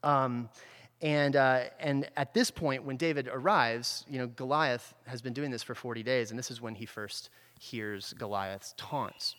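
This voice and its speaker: A man's voice: medium pitch, measured pace, a bit bright. Man preaching casually in a reverberant hall. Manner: casual, storytelling, often checks in with "right?". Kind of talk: conversational sermon. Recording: long reverb from a large hall.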